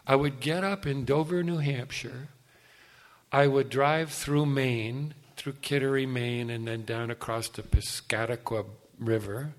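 Older male speaker sharing his testimony; animated, self-mocking storyteller who talks straight to the crowd. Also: mid-range voice, unhurried. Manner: animated, self-deprecating, asides to the audience. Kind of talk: personal storytelling talk.

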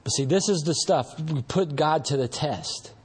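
Husky and fairly high-pitched, this man speaks a little slowly as he gives a personal recovery testimony at a meeting. His telling is earnest, rambling, and conversational, full of restarts.

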